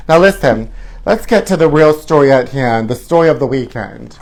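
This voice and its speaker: A flamboyant male host dishes on celebrities in a campy, theatrical style, calling everyone honey. His voice sits at a middling pitch for a man. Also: fairly quick, a little mellow. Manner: flamboyant, theatrical, calls viewers honey and trashies. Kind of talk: campy celebrity gossip chat.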